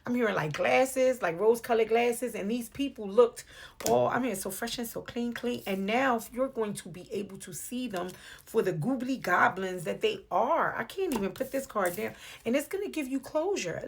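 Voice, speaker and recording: A woman's voice: fairly high pitch, normal speed, gravelly, slight background noise. A woman with a New York accent giving a casual, playful tarot reading to camera, calling the viewer "beloved". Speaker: tarot reader. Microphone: phone or webcam on video.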